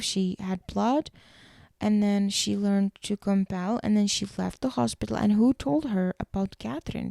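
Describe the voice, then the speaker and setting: A woman recapping a TV episode for a podcast, her mid-pitched voice carrying a gravelly, creaky edge. Her tone is mellow and dark, and the sound is close and dry, with no room echo. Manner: retells scenes and acts out the characters' lines in quick shifting voices.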